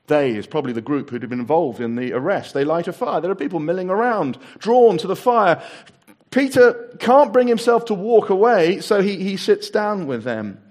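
A man preaching a sermon, acting out the voices in the story and dropping to a hushed, low voice for solemn points. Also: animated, moderate pace. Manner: dramatic, acts out the voices in the story.

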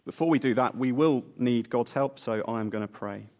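A man preaching a sermon at the front of a church, telling a Bible story in a playful, animated way. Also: mid-range voice, normal speed.

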